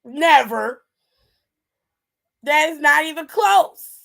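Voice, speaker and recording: A woman's voice: sits high, expressive, takes it slowly, vocal fry, a bit bright. A woman hosting a casual aftershow, exasperated and swearing, breaking into laughter as she talks. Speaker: show host. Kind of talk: casual reaction commentary.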